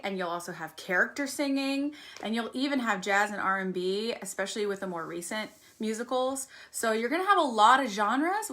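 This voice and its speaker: A woman giving a musical theater singing workshop, explaining technique and breaking into sung warm-ups and examples. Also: medium pitch. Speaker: voice teacher. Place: arts center.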